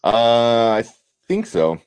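A man's voice: mid-range voice, very animated, slow pace, darkish tone, smooth, no echo. A man co-hosting a podcast, chatting loosely at a desk mic, swearing freely and laughing often. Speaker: podcast co-host. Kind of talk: casual chat.

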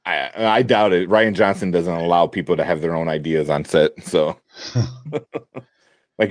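A man's voice: deep voice, a little slow, pauses often, dry recording, clean studio sound. A man co-hosting a podcast, chatting loosely at a desk mic, swearing freely and laughing often. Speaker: podcast co-host. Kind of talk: casual chat.

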